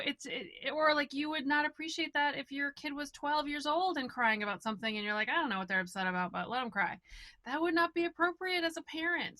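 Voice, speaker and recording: A woman co-hosts a casual talk show, animated and lively as she makes her point. Her voice is bright and pitched a little high. It is recorded dry and close. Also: no room sound. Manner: animated, acts out quotes. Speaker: co-host.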